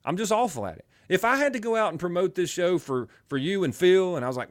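A middle-aged radio host with a twangy Southern drawl from Alabama, talking in an animated, rambling way. His voice sits a bit high for a man and swings widely in pitch. He keeps drifting into joking asides. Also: fast, few pauses. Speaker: radio talk show host. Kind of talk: casual talk radio banter.

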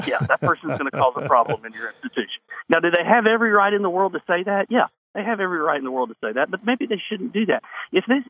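Husky-voiced man on a phone line. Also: fairly high pitch, no echo. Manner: emphatic, answers his own rhetorical questions. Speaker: state lawmaker as radio guest. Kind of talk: radio call-in interview. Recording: phone line into a radio show.

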